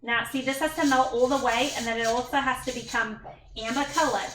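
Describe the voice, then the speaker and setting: A woman's voice: on the high side, fairly even intonation, a little fast, a bit bright, far from the mic. A woman livestreaming while she cooks at home, chatting casually with viewers, thanking them by name and making self-deprecating asides. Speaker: livestreamer and mother. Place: home kitchen. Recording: echoey room, voice a bit off-mic.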